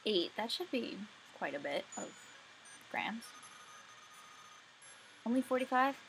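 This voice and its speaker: A woman's voice: mid-range voice, expressive, measured pace, creaky, fairly bright tone, slight background noise, rough recording. Sleepy woman chatting through a game. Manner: chatty, talks to herself while playing. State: sleepy, yawning. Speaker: let's play gamer. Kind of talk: casual gameplay commentary. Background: faint game music.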